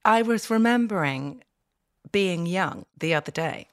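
A middle-aged woman chatting as a podcast guest, animated and quick to laugh. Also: lowish voice. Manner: animated, laughs often, breaks into playful impressions. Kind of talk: casual podcast chat.

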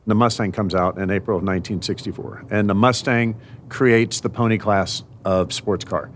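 A man in an interview, explaining history in a measured, informative way. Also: lowish voice, steady tone, slight background noise.

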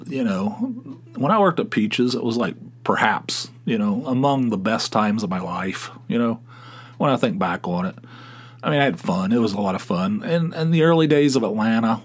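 A middle-aged man with an Appalachian accent, hosting his own podcast in a rambling, halting way with many fillers and restarts. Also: on the low side, lively intonation, slightly rough. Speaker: podcast host. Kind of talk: casual solo podcast monologue.

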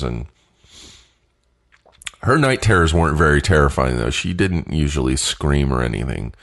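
A man telling a personal story in a casual, halting way, laughing between phrases and sniffly from allergies. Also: a bass voice, very animated, gravelly, fairly bright tone.

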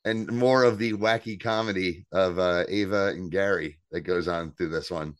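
A man co-hosting a podcast, casually recapping an episode with animated, swearing commentary and acted-out quotes. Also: normal speed, smooth, no echo, clean studio sound. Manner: animated, acts out quotes with jumps in pitch, swears freely. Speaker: podcast co-host.

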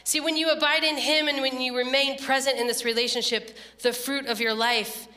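A woman preaching a sermon, telling a story with lively, laughing quotes. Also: high voice, brisk, big-room sound. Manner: animated storytelling, laughing, voice jumps up when quoting. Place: church.

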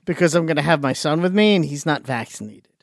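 A man's voice: on the high side, lively intonation, fast talker, no room sound, studio quality. A man co-hosting a podcast, chatting casually in an exasperated, grumbling way. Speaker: podcast co-host. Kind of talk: casual chat.

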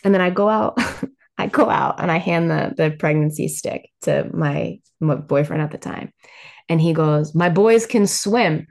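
Low-voiced, blunt, laughing woman. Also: fairly even intonation, moderate pace, creaky, darkish tone. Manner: blunt, profane, laughs often. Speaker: podcast guest. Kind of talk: candid personal storytelling.

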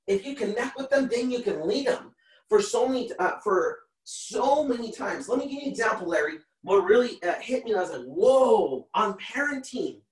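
A man in his thirties, a guest on a podcast, telling stories in an animated way, acting out quotes and often repeating himself. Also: sits high, moderate pace. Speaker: podcast guest, motivational speaker. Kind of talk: storytelling in a podcast interview. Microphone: call recording. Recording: roomy sound, distant from the mic.

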